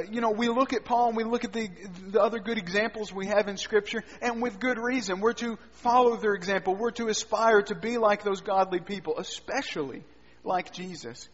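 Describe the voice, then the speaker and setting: A man preaching a sermon, swinging between loud emphatic lines and quiet low asides. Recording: dull sound with long hall reverb.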